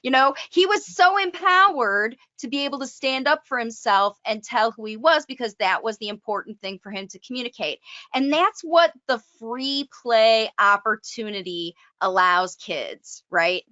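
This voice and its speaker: Bright-voiced woman host, lo-fi call audio. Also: a little high, expressive, normal speed, no echo. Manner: ends points with leading tag questions. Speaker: host and speech coach. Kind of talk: conversational interview. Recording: slightly muffled lo-fi audio.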